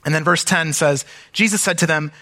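Male pastor, sermon, higher voice with a bright edge, chatty asides between scripture readings. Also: brisk, in a large hall.

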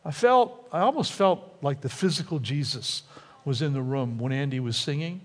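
A man's voice: on the high side, moderate pace, long reverb tail. A man preaching a sermon in a church, acting out quotes by raising and dropping his voice. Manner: animated, acts out quotes with rising and dropping voice. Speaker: pastor. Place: church sanctuary.

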